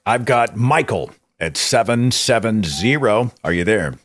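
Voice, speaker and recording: A man with an Oklahoman accent hosting a call-in show, animated and quick to laugh, his pitch jumping up when he makes a point. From Oklahoma, USA. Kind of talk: casual call-in talk.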